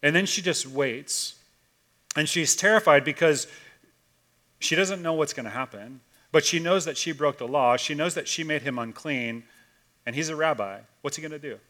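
Male pastor, bright and slightly high voice, casual storytelling sermon, swings loud to hushed. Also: moderate pace. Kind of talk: conversational sermon.

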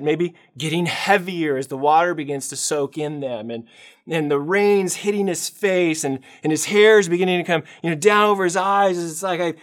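A man preaching a sermon as pastor, telling the story with animated swings in loudness and acted-out voices. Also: high-pitched. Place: church.

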